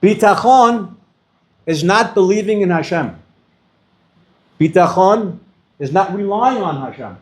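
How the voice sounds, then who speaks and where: A man's voice: high voice, animated, unhurried, pauses often. An older man giving a storytelling address to students as a guest speaker, acting out the dialogue in his stories. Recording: roomy hall echo.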